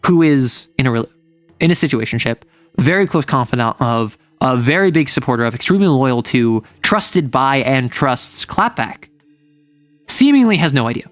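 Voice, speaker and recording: A man's voice: mid-range voice, lively intonation, normal speed, no room sound, soft background music. Rambling man streamer, dry sound. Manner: rambling, filler-heavy retelling with many self-corrections. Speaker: streamer and game master. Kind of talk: casual livestream chat retelling a tabletop game session.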